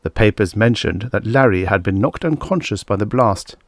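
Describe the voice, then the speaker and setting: A man reading a vintage science fiction story aloud in steady first-person narration. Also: fairly low pitch, moderate pace, dry recording, clean studio sound. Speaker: audiobook reader.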